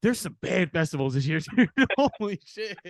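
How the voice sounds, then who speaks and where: A man from Philadelphia hosts a casual backstage interview. He talks loosely, full of fillers and the odd curse. His voice sits fairly high and sounds dry and close. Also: lively intonation, moderate pace, no room sound. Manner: loose, swearing, many fillers. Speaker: podcast host. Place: backstage studio.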